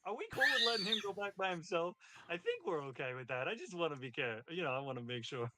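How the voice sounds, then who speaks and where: A man playing a tabletop game, joking and excitable in casual play. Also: fairly high pitch, fast talker, heavy background noise. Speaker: player.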